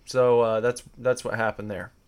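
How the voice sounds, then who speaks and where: A man's voice: mid-range voice, level tone, moderate pace, darkish tone, clear, resonant tone. Man, podcast co-host, casual rambling chat, easygoing fillers.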